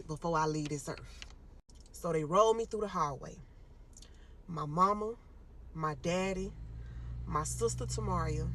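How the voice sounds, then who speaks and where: A woman's voice: fairly low pitch, bright, forceful tone. Woman telling a dramatic storytime. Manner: talks straight to viewers as y'all, acts out screaming quotes. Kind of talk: emotional personal storytime.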